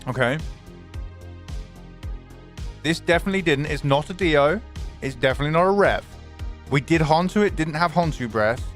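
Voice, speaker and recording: A man's voice: a little high, moderate pace, pauses often, faint music behind. Swearing man streaming a game. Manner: animated, swearing, greets chat by name. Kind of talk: live gaming stream commentary.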